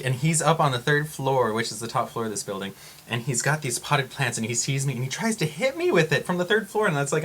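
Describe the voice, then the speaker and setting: A man vlogging to camera, telling a story in a rambling, excitable way with frequent exclamations. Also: mid-range voice, fast.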